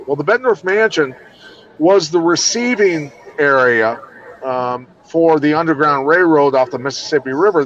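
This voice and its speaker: A man's voice: on the high side, fairly bright tone, slight background noise. A middle-aged man from Iowa, a combat and law enforcement trainer, speaking bluntly and with plenty of swearing in a casual podcast chat. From Iowa, USA. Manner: blunt, profane, emphatic. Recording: dull lo-fi sound.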